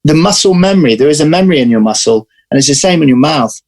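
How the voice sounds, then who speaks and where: A man being interviewed as an actor, telling lively anecdotes in casual chat over a video call. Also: fairly high pitch, fast talker, poor audio. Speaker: actor guest.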